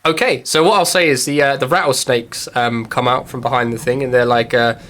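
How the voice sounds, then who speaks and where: A man's voice: mid-range voice, steady tone, a little fast, a bit bright, slight background noise. A man narrating as game master, hesitant and full of fillers.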